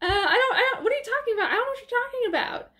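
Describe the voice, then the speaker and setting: A woman's voice: extremely high pitch, expressive, racing, sharp tone, pitched above the performer's own voice, full character voice. A woman doing a dithering young man in a panic. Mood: flustered. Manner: flustered, repeating himself.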